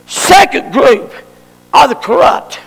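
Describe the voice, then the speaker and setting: A man preaching a fervent sermon, shouting for emphasis. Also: very high-pitched, very animated, takes it slowly, husky, in a large hall.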